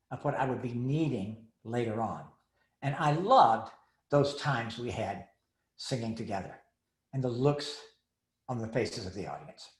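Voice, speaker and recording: A man's voice: mid-range voice, reverberant. An older man from Texas, a speaker and author on caregiving, telling humorous stories and acting out the voices of the people in them. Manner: animated, acts out voices in his anecdotes. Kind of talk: humorous storytelling talk.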